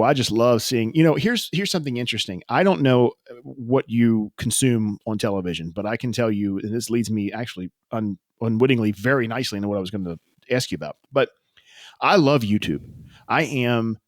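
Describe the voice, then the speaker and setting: A man's voice: medium pitch, no room sound. Joking man radio co-host, dry studio. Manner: joking, wordy, halting restarts. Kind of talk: casual chat.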